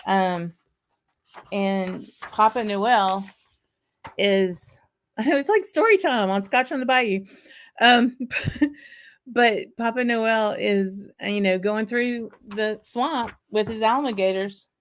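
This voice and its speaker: On her casual livestream, this Southern-accented Arkansas woman speaks at a medium pitch and slow pace. She rambles chattily, reads comments from viewers, and sprinkles in lots of fillers and laughter.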